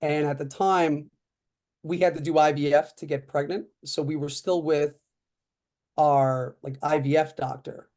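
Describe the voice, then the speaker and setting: Man, 30s, podcast guest; fairly high, mellow voice, animated storyteller who acts out dialogue. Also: measured pace. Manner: frequent fillers like "uh" and "like". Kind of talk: casual storytelling.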